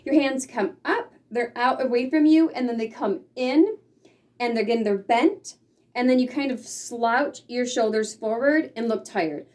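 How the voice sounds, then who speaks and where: A woman's voice: a little high, a little slow, a little mellow, far from the mic. A woman teaching sign language in a patient, explanatory way, sometimes acting out the feelings she describes. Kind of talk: casual instruction.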